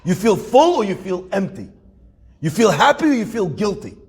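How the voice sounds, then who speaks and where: A man's voice: sits high, normal speed, breathy edge. A male rabbi giving a sermon, talking straight to his listeners and firing rhetorical questions at them. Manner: animated, rhetorical questions to the audience.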